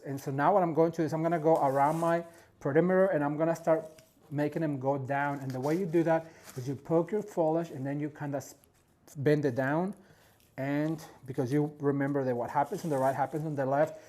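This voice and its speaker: A man's voice: fairly high pitch, steady tone, brisk, darkish tone. A man hosting a casual step-by-step floral design tutorial, chatty and enthusiastic, often talking straight to his viewers. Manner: chatty and enthusiastic, addresses viewers as "you guys".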